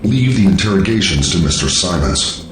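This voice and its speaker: Robotic male guard, clipped formal delivery, deep voice that swoops widely, roomy game sound. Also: animated, normal speed, faint music behind. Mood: stern. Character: stiff male security guard, cold, mechanical.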